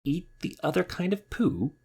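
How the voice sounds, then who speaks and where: A man's voice: low-pitched, animated, moderate pace, creaky, husky, heavily acted. A man voicing a grumpy, indignant male rabbit in a storybook reading. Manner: sulky, exclaiming, indignant. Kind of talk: storybook character voice.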